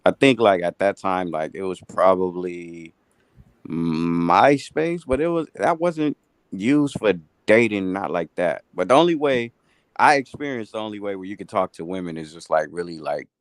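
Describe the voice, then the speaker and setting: Deep-voiced man in his thirties. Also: moderate pace, no echo, clean studio sound. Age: 30s. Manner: relaxed storytelling, slangy. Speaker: podcast co-host. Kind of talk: casual podcast chat.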